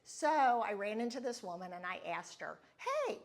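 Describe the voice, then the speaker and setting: A middle-aged woman talks straight to her listeners as a podcast host, telling a personal story. Her voice is mid-pitched, and her manner is candid and confiding. She stays reflective throughout. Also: animated, moderate pace.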